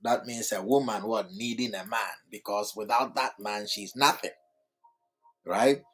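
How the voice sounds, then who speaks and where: Slow, deliberate man giving a lecture. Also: on the low side, a bit bright, poor audio. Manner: slow, deliberate, repeats phrases word by word. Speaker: teacher. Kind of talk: whiteboard lecture.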